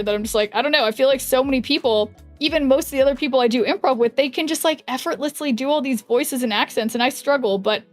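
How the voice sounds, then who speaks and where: A young adult woman streaming and chatting casually with her viewers, rambling with lots of fillers and self-corrections. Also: fairly high pitch. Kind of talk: casual chat while gaming, reading chat aloud.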